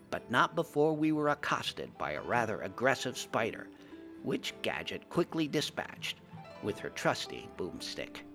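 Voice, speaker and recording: A man narrating a fantasy adventure story, genteel and animated in first person. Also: medium pitch. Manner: genteel and animated, playing the old gnome monk narrator.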